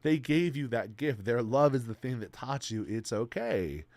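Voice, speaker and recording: A man's voice: medium pitch, expressive, normal speed, darkish tone, no room sound. A man streaming to his chat, giving heartfelt advice in an earnest, emotional way, swearing freely and repeating himself. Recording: faint music in the background.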